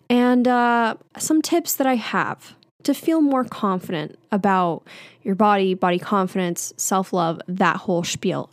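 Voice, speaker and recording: A woman's voice: mid-range voice, dry recording, studio quality. A young woman in her twenties hosting a solo podcast, talking in a chatty, candid way with fillers and small laughs. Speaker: podcast host. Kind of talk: casual solo podcast chat.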